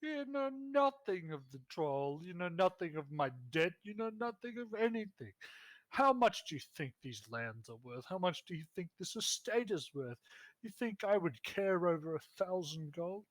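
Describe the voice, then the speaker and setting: A man puts on a pompous, scornful nobleman lord in a tabletop game, sitting high in pitch and sounding close and dry. He speaks down to everyone with lofty dismissal. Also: very animated, moderate pace, no room sound. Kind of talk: tabletop role-play voicing.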